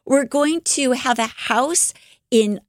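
A woman's voice: high voice, takes it slowly, no room sound, clean studio sound, voice pushed up. A woman voicing a hopeful, devout younger sister who speaks with earnest, tender conviction. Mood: visionary.

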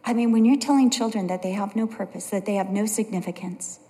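A woman's voice: mid-range voice, fast talker, warm tone, big-room sound. A middle-aged woman preaching a sermon, telling stories with earnest conviction. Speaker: pastor's wife preaching.

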